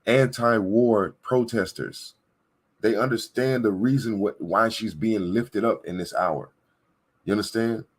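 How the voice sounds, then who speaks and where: A man's voice: on the low side, moderate pace. A man giving a preachy political rant with emphatic repetition, often checking in with his listeners. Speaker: political commentator. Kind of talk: ranting commentary.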